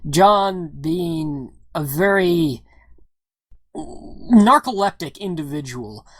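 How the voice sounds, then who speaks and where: Brief: woman GM, deep voice, loose and giggly narration, dry mic. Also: no echo. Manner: laughs often, hesitant fillers while improvising. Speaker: game master. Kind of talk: narrating a tabletop game.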